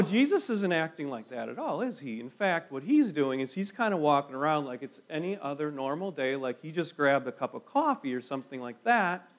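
A man preaching a sermon as pastor, slow and emphatic, with dramatic pauses and sudden drops to a hush. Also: sits high.

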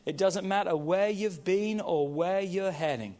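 A male pastor preaching a sermon, emphatic and repetitive, urging his congregation, slowing and stretching key phrases. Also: high voice, a little mellow.

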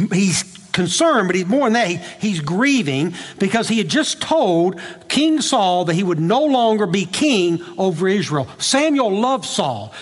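Lively high-voiced male preacher in a hall. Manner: animated storytelling with many restarts and repeated words. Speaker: pastor. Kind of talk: sermon.

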